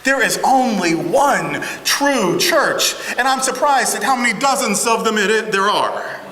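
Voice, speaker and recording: A man's voice: high-pitched, lively intonation, unhurried, bright, forceful tone, slight background noise. A man in his forties preaching a sermon as pastor, with humorous, self-deprecating asides. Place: large church sanctuary. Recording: echoey church hall with congregation.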